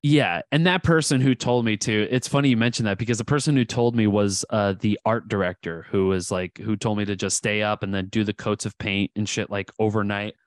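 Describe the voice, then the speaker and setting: A man's voice: on the low side, steady tone, brisk, hardly any pauses, no echo. A man co-hosting a podcast, telling stories loosely with lots of fillers and swearing. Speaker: podcast co-host. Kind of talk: casual podcast chat.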